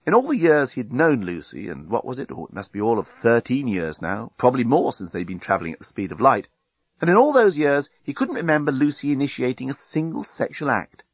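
A man reads a comic novel aloud in a wry, measured way, his voice rising and falling with plenty of life. The sound is dry and close, a little dull on top. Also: mid-range voice, big pitch swings, husky, no room sound. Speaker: audiobook narrator. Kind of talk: scripted narration.

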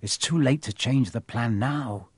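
A man's voice: mid-range voice, measured pace, a little mellow, breathy edge, no room sound. A level-headed schoolboy lays out a plan firmly, as a male storybook reader speaks for him. The tone stays near the reader's own, close and dry. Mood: determined.

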